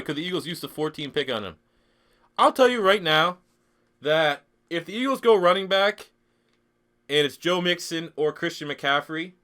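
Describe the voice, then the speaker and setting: A young Canadian man who is sick, streaming a football video game live, clearing his throat, swearing and rambling through chat questions. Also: a little high, pushed and bright. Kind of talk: live-stream gaming commentary.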